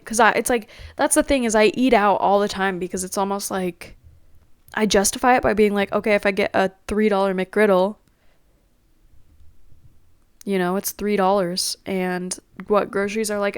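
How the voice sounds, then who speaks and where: A woman's voice: medium pitch, clean tone, dry recording, clean studio sound. A young woman rambling in a casual, self-deprecating solo chat at home. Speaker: podcast host.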